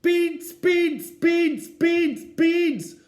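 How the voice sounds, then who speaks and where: A man's voice: very high voice, very slow, roomy sound, pitched above the performer's own voice, heavily acted. A man voicing a screaming, demanding toddler boy who shrieks and chants his wants over and over. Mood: screaming tantrum.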